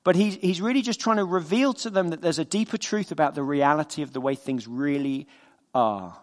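A man preaches with a fairly high pitch, talking a little fast, and the room sounds large around him. His sermon is conversational: he asks the congregation questions and imitates the voices of figures in his stories.

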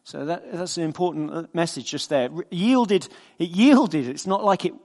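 A man's voice: a little high, normal speed, a little mellow, big-room sound. A man preaching a sermon in a conversational way, asking the congregation questions and acting out the voices in his stories.

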